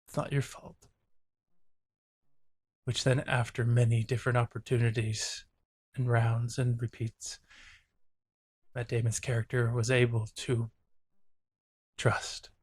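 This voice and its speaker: Earnest man reflecting in an even tone. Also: medium pitch, a little slow, pauses often, husky, dry recording. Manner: earnest, reflective, openly emotional. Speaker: therapist and show host. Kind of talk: reaction commentary.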